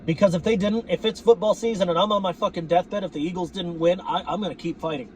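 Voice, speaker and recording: A man ranting to camera about his football team, profane and rambling, breaking into shouts. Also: high voice, fairly even intonation, fast, a little hiss or hum. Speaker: sports fan vlogger. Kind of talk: ranting fan commentary to camera.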